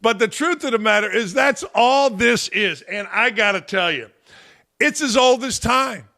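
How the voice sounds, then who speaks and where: A man hosting a sports talk show, ranting bluntly and emphatically and rising into shouts. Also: very high-pitched, unhurried, gravelly. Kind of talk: opinionated sports talk rant.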